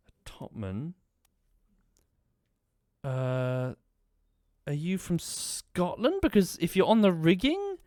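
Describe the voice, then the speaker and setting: A man's voice: high voice, a little mellow, dry recording. A man streaming a game, thinking aloud and questioning the characters on screen. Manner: musing aloud, talking to characters. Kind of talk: live game commentary.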